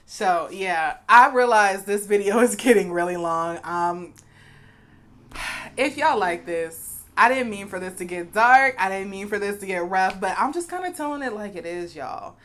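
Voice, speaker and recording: A woman's voice: mid-range voice, lively intonation, normal speed, fairly bright tone. A young adult woman vlogging to her viewers, speaking frankly and bluntly and calling them y'all, with a cough now and then. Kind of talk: direct-to-camera vlog, candid opinion talk.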